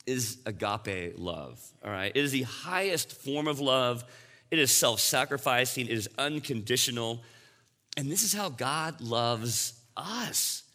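A man's voice: mid-range voice, bright, forceful tone. A male pastor preaching a sermon in a conversational way, often checking in with "all right?" and "you know". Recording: long hall reverb.

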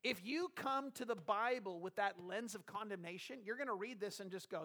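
A man with a notably high voice for his sex preaches to his congregation. He talks conversationally and keeps posing rhetorical questions as he walks through a scripture passage. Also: moderate pace, bright, forceful tone. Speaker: pastor. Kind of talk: sermon.

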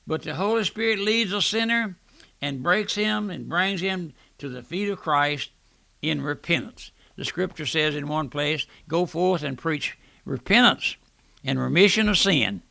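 A man's voice: a little high, lively intonation, unhurried, creaky, sharp tone, dry recording. An older man preaching a radio sermon, earnest, often restarting words and calling the listener "my friend".

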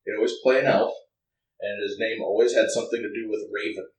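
A man's voice: lowish voice, steady tone, fast talker, far from the mic. A man chatting casually about tabletop games, blunt and opinionated. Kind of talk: casual podcast chat. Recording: roomy echo, from the mic.

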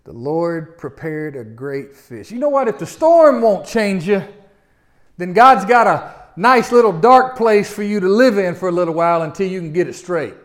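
Preaching at a normal speed, this middle-aged man has a voice that sits high. He's folksy and lively, often addressing the congregation directly.

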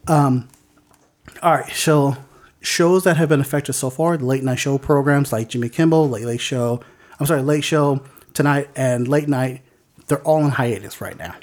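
A man's voice: medium pitch, normal speed, darkish tone. A man co-hosting a casual podcast, reading news items aloud with lots of fillers and stumbles. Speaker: podcast co-host.

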